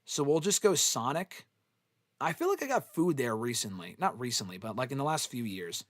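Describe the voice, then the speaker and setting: A man's voice: medium pitch, sing-song, moderate pace, no echo. A young man hosting a live fan Q&A, chatting casually in a blunt, profane, offhand way. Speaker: host answering fan questions.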